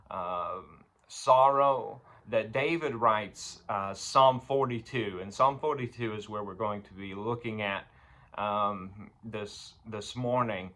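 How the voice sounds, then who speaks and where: A man preaching a morning sermon, halting with many fillers and growing louder as he reads scripture. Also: mid-range voice.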